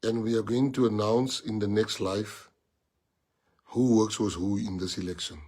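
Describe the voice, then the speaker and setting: A man's voice: fairly low pitch, steady tone, normal speed, warm tone. A man with a South African accent addressing his party's members, rallying them with emphatic repetition and bits of Afrikaans. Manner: emphatic, repeats phrases, mixes in Afrikaans. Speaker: party leader.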